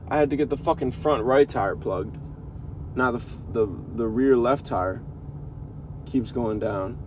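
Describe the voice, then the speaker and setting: A man's voice: medium pitch, a little slow. A young man talking casually to the camera from inside a car, venting in a rambling, profane way. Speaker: vlogger living in his car. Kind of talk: casual vlog monologue. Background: faint car and street noise.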